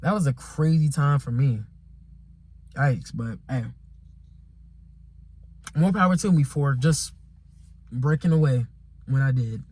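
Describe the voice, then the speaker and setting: A man's voice: mid-range voice, lively intonation, slow pace, pauses often, a little mellow. A young man vlogging a casual storytime monologue, rambling and repeating himself with exasperation and slang.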